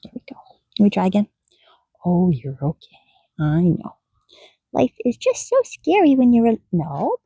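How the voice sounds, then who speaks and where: A woman's voice: mid-range voice, huge pitch swings, normal speed, pauses often, dark tone, husky, dry recording, lo-fi sound. A woman training a donkey outdoors, talking to it in a soothing, coaxing way that often drops to a whisper, with asides to the viewer. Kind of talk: coaching an animal with asides to camera.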